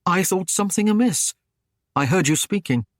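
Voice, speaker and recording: Male narrator voicing a careful, nervous young servant, higher pitch, close dry read. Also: expressive, normal speed, no room sound. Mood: anxious. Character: anxious loyal young male Saxon servant.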